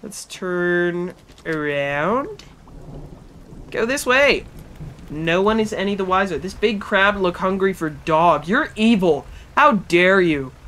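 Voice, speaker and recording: A man's voice: sits high, animated, slow pace, a bit bright, slight background noise. A man streaming live, chatting as he plays and talking back to game characters and his chat. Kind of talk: live gameplay commentary.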